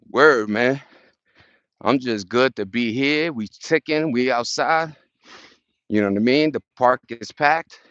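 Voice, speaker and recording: A man's voice: mid-range voice, fairly bright tone, clean tone, no room sound, lo-fi sound. A man from Brooklyn with a New York accent, live-streaming as he walks uphill in a park, upbeat and profane with lots of street slang as he greets his viewers. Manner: talking while walking uphill outdoors. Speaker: livestreaming vlogger. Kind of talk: casual live-stream chat. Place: outdoors in a park on a hill. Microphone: phone held at arm's length.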